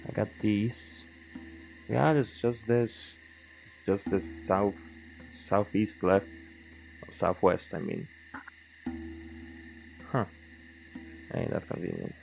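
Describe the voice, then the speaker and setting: A man's voice: lowish voice, very slow, creaky, pauses often, darkish tone, soft background music, rough recording. A man streaming a game and chatting casually, rambling, correcting himself and swearing offhand. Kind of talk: casual gameplay commentary.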